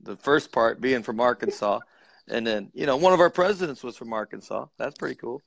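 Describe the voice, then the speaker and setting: A man's voice: medium pitch, brisk, vocal fry, no echo. A man co-hosting a casual live chat over a video call, joking and laughing easily. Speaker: co-host.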